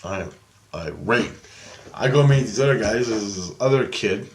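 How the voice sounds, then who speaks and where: A man telling a dream story in a casual vlog, animated, swearing heavily and acting out what people said. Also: on the low side, a little slow, slight background noise. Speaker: vlogger.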